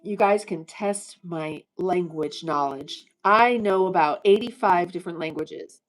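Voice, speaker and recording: On a casual livestream, a woman in her fifties rambles and jokes while speaking directly to her viewers. Her voice is lowish and unhurried, and the recording quality is low.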